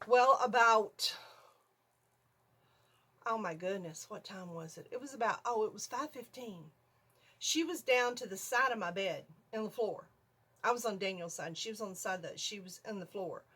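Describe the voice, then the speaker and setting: An older woman vlogger telling a story in a casual, animated way from her home video room, often checking in with "okay?". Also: mid-range voice, moderate pace, husky.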